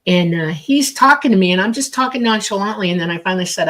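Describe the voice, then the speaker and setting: A woman's voice: medium pitch, lively intonation, fast, fairly bright tone. A woman psychic medium telling a long story in casual talk, with many fillers and acted-out dialogue. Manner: rambling, filler-heavy, acts out quoted dialogue.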